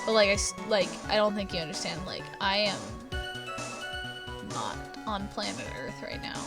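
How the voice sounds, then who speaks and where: A woman streaming a game, giving frank, scattered commentary with swearing over loud game music. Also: medium pitch, expressive, normal speed. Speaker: let's play streamer. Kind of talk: casual gameplay commentary.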